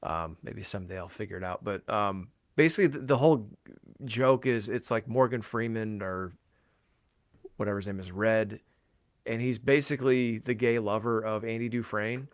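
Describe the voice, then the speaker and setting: This podcast co-host's lowish voice moves at a moderate pace and sounds tired after a full day of talking. His casual chat rambles on, full of profanity and filler words.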